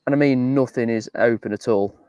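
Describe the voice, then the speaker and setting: A man co-presenting a live show by video call, chatting in a relaxed, easygoing way. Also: medium pitch, brisk, no room sound. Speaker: co-presenter calling in from a campsite. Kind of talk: casual live-stream chat.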